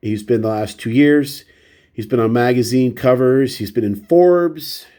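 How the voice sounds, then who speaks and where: A man with a stuffy, runny nose talks casually through a pile of baseball cards, one at a time. His voice is mellow and warm, sitting at an ordinary middle pitch. He rambles and pokes fun at himself as he goes. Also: measured pace. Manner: rambling, self-deprecating, shows cards one by one. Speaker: baseball card vlogger. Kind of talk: casual chat.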